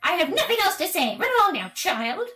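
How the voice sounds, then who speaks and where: A woman's voice: very animated, fairly quick, pushed and bright, faint music behind, exaggerated voice. A woman doing a haughty old lady boss. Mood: condescending. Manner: high, condescending.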